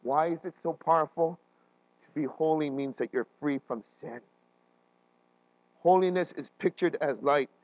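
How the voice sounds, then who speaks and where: Male pastor, higher voice, animated sermon delivery with restarts, lo-fi recording. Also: normal speed, pauses often, no room sound. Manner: animated, often checks in with listeners with "right?"; frequent restarts and fillers.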